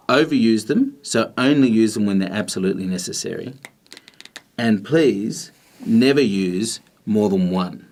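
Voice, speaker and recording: A man teaching a grammar lesson, explaining in a patient, measured way with pauses. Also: lowish voice, slight background noise.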